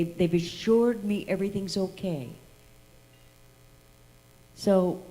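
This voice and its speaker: A woman's voice: mid-range voice, warm tone, poor audio. A woman telling a tribute story to an audience at an event, acting out the dialogue as she goes. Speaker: tribute speaker.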